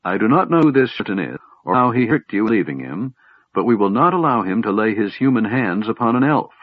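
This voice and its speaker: A man reads as a grim elven leader, formal and stern. The voice is husky and lively in pitch, and the recording is dry and slightly dull. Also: a little fast, dry recording.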